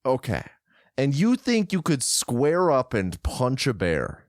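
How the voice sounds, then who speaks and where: A man's voice: mid-range voice, huge pitch swings, slow pace, dry recording, studio quality. A man co-hosting a casual movie podcast, skeptically questioning his co-host. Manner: skeptical, questioning, laughs often.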